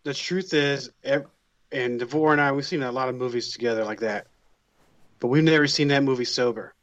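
A man's voice: medium pitch, a little fast, fairly bright tone, lo-fi sound. A man co-hosting a podcast in casual chat, adding dry, joking asides. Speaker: podcast co-host.

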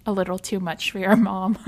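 A woman's voice: mid-range voice, steady tone, normal speed, a little mellow. A young woman co-hosting a casual podcast chat, teasing and laughing often. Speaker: podcast co-host.

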